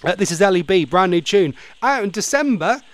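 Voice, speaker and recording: A man hosts a laid-back radio show, rambling and joking as he goes. His pitch jumps about with animated swings and sits a little high for a man. He slips easily into playful, theatrical asides. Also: a little fast, no echo. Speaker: radio host. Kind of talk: casual radio chat.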